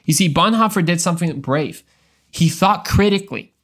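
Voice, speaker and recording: A young man with a slightly higher-than-average voice gives an earnest devotional talk on his podcast. He presses his points with emphasis, often restarting a phrase and repeating a word before he finds the rest. It sounds like an informal sermon, not a reading from a script. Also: lively intonation, moderate pace, fairly bright tone. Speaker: podcast host.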